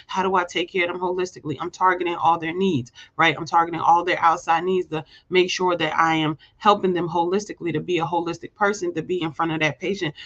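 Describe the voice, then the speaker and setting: A woman giving a motivational live-stream talk with preachy emphasis, circling back to repeat her points and checking in with "right?". She speaks straight to her viewers and calls them "y'all". The audio is dull and muffled, like a low-fi stream. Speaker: host of a live show; healthcare staffing agency owner.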